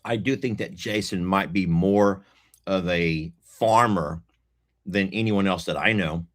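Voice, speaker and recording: A man's voice: low voice, fairly bright tone. A man chatting casually to viewers while eating, folksy and teasing. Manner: slow, folksy, teasing, laughs often, talks while eating. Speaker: food vlogger. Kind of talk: casual mukbang chat to viewers.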